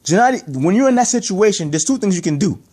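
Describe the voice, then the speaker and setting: A man's voice: high voice, lively intonation, quick pace, darkish tone. A man giving an opinionated boxing rant to camera, emphatic and heated, stacking rhetorical questions and repeating his points. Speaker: boxing commentator.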